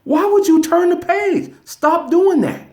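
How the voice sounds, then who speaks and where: A man voicing a frantic, furry male monster from a picture book, pitched high and shrill as he begs and scolds. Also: animated, a little slow. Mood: exasperated. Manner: high shrill exasperated pleading.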